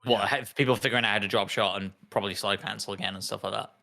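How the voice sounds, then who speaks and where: A quick, bright male voice in casual podcast chat. He fires off questions and chats along with his co-hosts. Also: fairly low pitch, steady tone, vocal fry.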